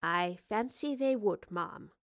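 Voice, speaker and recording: A woman voicing a kindly, careful professor and inventor who speaks gently, politely and without hurry. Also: on the low side, lively intonation, takes it slowly, gravelly, heavily acted. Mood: earnest.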